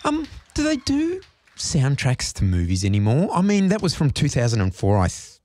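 A man's voice: mid-range voice, huge pitch swings, moderate pace, mellow. A middle-aged man chatting casually on the radio between songs, rambling and self-deprecating, with hesitant restarts.

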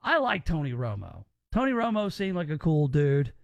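A man's voice: fairly high pitch, wildly swooping pitch, normal speed, gravelly, no echo, muffled recording. A man hosting a podcast, giving opinions in casual chat and often repeating words as he restarts. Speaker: podcast host.

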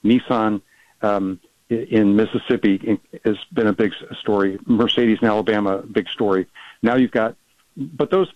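A man, a policy researcher, talking fast as a guest in a radio interview, with many restarts and fillers. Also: fairly low pitch, no echo, lo-fi sound.

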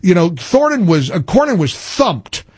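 A man hosting political talk radio, emphatic and animated, often restarting his sentences. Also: high voice, normal speed, breathy edge, no room sound, studio quality.

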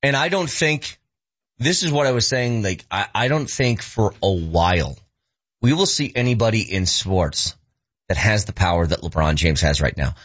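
A man's voice: fairly low pitch, normal speed. A man co-hosting a sports talk radio debate, talking animatedly. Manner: animated, mimics people he quotes. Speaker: radio co-host. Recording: lo-fi radio broadcast with faint music.

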